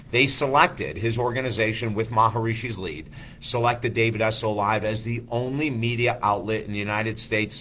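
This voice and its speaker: A man's voice: fairly low pitch, a bit bright, slight background noise. A man who is a life coach, giving an enthusiastic motivational talk full of rhetorical questions.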